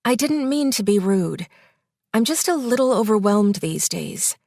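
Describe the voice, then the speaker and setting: A woman's voice: mid-range voice, animated, a little slow, a little mellow, dry recording, clean studio sound. A woman reading an apologetic, overwhelmed neighbor woman. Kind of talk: audiobook character voice.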